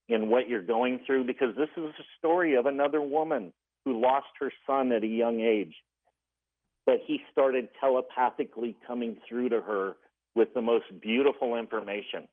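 Speaking at normal speed with medium pitch and fairly even intonation, a man phones in to a radio show on a tinny line. He tells his story earnestly, performing each person's words as direct quotes.

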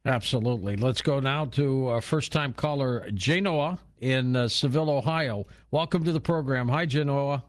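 A man hosting a call-in radio show, telling stories in a relaxed conversational way and welcoming callers. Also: mid-range voice, normal speed, few pauses. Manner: storytelling, conversational. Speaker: radio host.

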